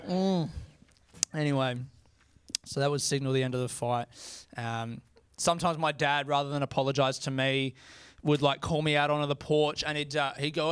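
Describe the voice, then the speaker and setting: A man's voice: on the high side, fairly even intonation, normal speed, fairly bright tone, clean tone, no room sound. A young Australian man doing a stand-up comedy set on a club stage, crude and self-mocking, often breaking off to laugh at himself. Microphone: handheld stage mic.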